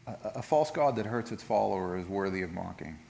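A man preaching a sermon in a conversational way, retelling scripture with lively asides and frequent restarts. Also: low-pitched, fast, creaky. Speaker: pastor.

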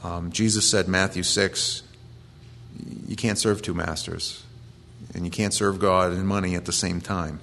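A man's voice: low-pitched, flat delivery, unhurried, vocal fry, fairly bright tone, a little hiss or hum. A man preaching a conversational sermon, earnest and plain-spoken as he quotes and explains scripture.

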